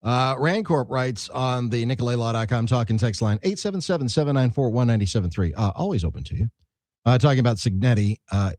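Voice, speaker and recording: A man co-hosting sports radio talk, joking and animated with halting restarts. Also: mid-range voice, no room sound. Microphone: studio mic.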